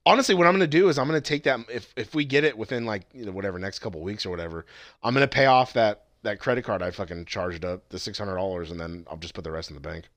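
Young man, low pitch, quick animated casual chat, profane and rambling, dry sound. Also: dry recording. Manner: profane, rambling, with frequent restarts.

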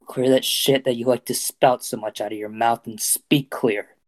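A man voicing a nervous teenage boy who can turn sharp and snap back, in a fan audio drama. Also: mid-range voice, steady tone, slow, breathy edge. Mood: defiant. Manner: snapping back, then reluctant.

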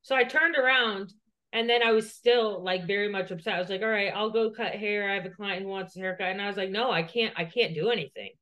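A woman with a medium-pitched voice talks fast over lo-fi sound as she co-hosts a podcast. She tells a personal story in a rambling, profane way, saying "like" constantly.

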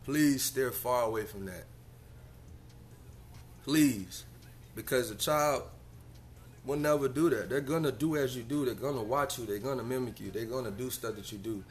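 A man's voice: mid-range voice, normal speed, pauses often, a little hiss or hum. A man hosting his own podcast in a casual solo monologue, talking in a laid-back, slang-heavy way and pressing his advice with emphasis. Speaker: podcast host.

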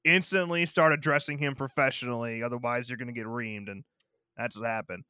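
A man co-hosting a podcast, reviewing a movie in laid-back casual chat and acting out quotes in a higher voice. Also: fairly quick, sharp tone, clean tone, dry recording, studio quality. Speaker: podcast co-host.

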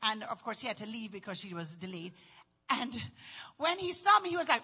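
Dramatic high-voiced woman storyteller. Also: very animated, a little fast, husky, lo-fi sound. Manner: dramatic, acts out voices, often shouts. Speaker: storyteller recounting childbirth. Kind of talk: animated personal storytelling.

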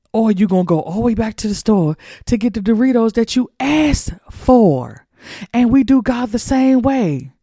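A man with a notably high, mellow voice preaches to his listeners in a dry, close-miked sound. He talks in a colloquial, emphatic way, repeating phrases for effect. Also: no room sound. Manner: emphatic, colloquial, repetitive street-preacher cadence. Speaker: podcast host. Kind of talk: preaching monologue.

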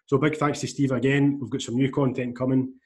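Chatty friendly podcast host. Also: male voice, medium pitch, little pitch movement, brisk, a little mellow. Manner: friendly, chatty, says "mate" often. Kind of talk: casual podcast chat.

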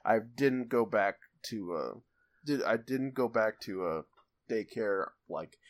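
A man's voice: on the low side, expressive, takes it slowly. A young man casually telling a childhood story on a podcast, rambling with many restarts, fillers and laughs.

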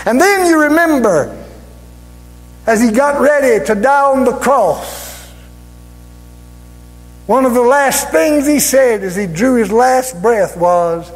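A man preaching a sermon fervently, drawing out key words and rising to shouts. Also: extremely high pitch, lively intonation, takes it slowly, long pauses. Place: church sanctuary. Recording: reverberant church hall with music.

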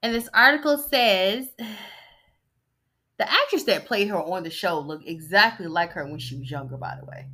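A woman's voice: mid-range voice, measured pace, bright, forceful tone, slight background noise. Chatty woman doing a podcast, sassy and joking as she reads the story. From United States. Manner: sassy and chatty, with mocking asides. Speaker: podcast host. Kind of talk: casual chat, reading an article aloud.

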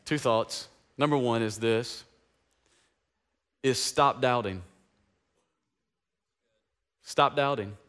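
A man's voice: mid-range voice, extremely slow, pauses often, a bit bright, clear, resonant tone. A male pastor from East Tennessee, preaching an Easter sermon with passion and call-and-response. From East Tennessee, USA.

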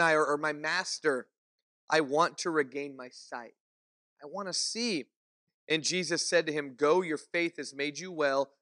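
A man's voice: high voice, pushed and bright. A man preaching a sermon in a conversational way, explaining and asking the listeners questions.

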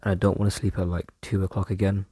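A man's voice: low-pitched, level tone, fast, mellow, slightly rough, dry recording, clean studio sound. A young man, rambling casually through a podcast monologue at home. He trails off and jokes at his own expense in slang. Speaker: podcast host. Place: room at home.

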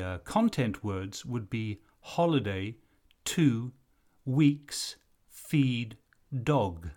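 A man teaching an English lesson, explaining things slowly and carefully. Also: medium pitch, darkish tone. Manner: slow, careful explanatory delivery. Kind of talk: recorded lesson narration.

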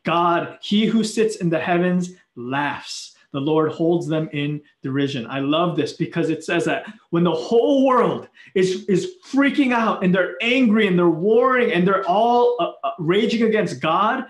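A man preaching a sermon, earnest and animated, with playful acted asides. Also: high-pitched, measured pace, few pauses, roomy sound. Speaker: pastor.

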